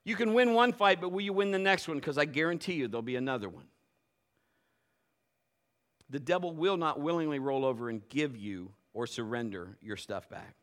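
Folksy, emphatic man preaching. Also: normal speed. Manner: folksy storytelling, swings from low asides to loud emphatic preaching. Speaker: pastor. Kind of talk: sermon with personal stories.

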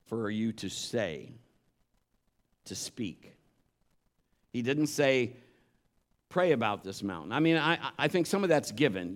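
A man preaching a conversational sermon, earnest and emphatic, weaving scripture together with stories from his own life. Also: mid-range voice. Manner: earnest, emphatic, mixes scripture with personal anecdotes.

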